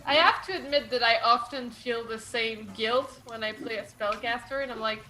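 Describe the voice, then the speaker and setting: A woman's voice: on the high side, moderate pace, a loud crowd, low-quality recording. Giggly, chatty woman at a game table. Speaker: player. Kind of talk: casual game-table chat.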